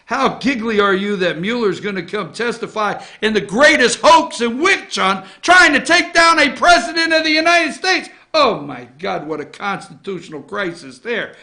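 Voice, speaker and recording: Guy ranting on a morning politics show, really high bright voice, shouts then mutters. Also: expressive, moderate pace, few pauses. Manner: swings between loud outraged shouting and low muttering asides. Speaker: host of a morning opinion show.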